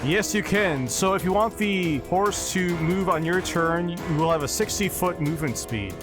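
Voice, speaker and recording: A man's voice: sits high, moderate pace, over music. Man narrating as game master. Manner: descriptive, with brief asides.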